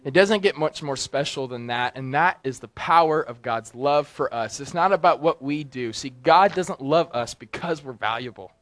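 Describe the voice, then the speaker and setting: A young man preaching a sermon in a casual, conversational way that turns animated and excitable. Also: on the high side, normal speed, hardly any pauses.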